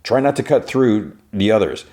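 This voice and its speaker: Deadpan robot bodyguard, male, low and dry, read by a male podcaster. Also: normal speed. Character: calm blunt male security robot.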